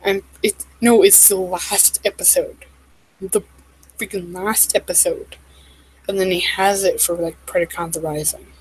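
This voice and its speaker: A woman vlogging in a casual, rambling way, with lots of "like" and "um", quick asides and apologies. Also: on the low side, fairly even intonation, breathy edge, rough recording.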